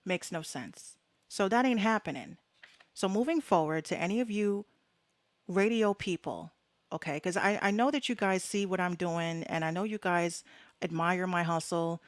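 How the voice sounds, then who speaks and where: A woman's voice on the low side, at normal speed and with no room sound, belongs to a podcast host talking casually by herself. She's fired up and blunt, speaking frankly in slang with lots of swearing.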